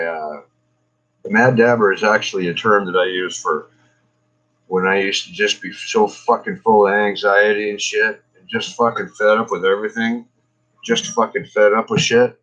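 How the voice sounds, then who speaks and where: A man's voice: fairly low pitch, fairly bright tone, rough recording. A middle-aged man chatting casually on a livestream, rambling and swearing, laughing often and coughing from smoke. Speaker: cannabis vlogger.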